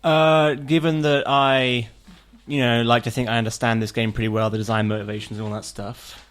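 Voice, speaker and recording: A man's voice: mid-range voice, level tone, normal speed, a bit bright. Earnest man co-hosting a podcast. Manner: earnest, defends his opinions, starts lines with hesitant restarts. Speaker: podcast co-host. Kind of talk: casual group chat about video games.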